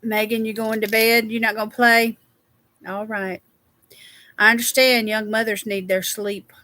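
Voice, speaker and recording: Sixty-something woman, slow and bright. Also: a little high, flat delivery, no echo. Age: 60s. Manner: reads viewer names aloud. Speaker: livestream host. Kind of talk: casual chat with viewers.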